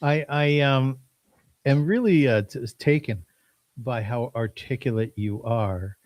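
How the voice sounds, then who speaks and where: A man hosting a podcast interview, earnest and halting, often stumbling over his first words. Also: medium pitch, a little mellow, no echo. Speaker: podcast host.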